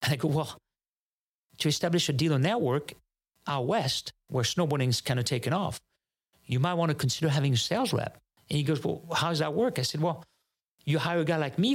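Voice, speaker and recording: This Frenchman's voice is a little high and husky, with a French accent; French is his first language. As a podcast guest he spins a casual, lively story, taking on both voices in each conversation and repeatedly restarting his sentences.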